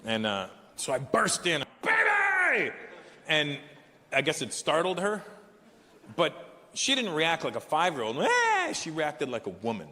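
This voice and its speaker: A man in his forties performing a stand-up comedy set, telling stories animatedly with profanity and loud punchlines. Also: on the high side, very animated, moderate pace, a little hiss or hum. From Canada. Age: 40s. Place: large live venue. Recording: echoey hall with live crowd ambience.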